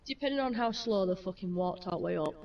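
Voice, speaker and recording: A woman's voice: medium pitch, brisk, recorded from a distance, lo-fi sound. A young woman and mother in a casual chat, swearing freely and acting out the things people said to her. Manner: chatty, swears freely, acts out quoted exchanges.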